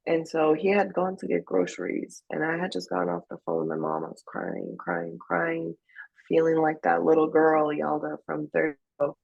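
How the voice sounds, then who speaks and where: A woman telling her personal story in a conversational interview, emotional and halting, with many fillers and restarts. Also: low voice, lively intonation, vocal fry, no room sound, lo-fi sound. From Afghanistan. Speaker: interview guest.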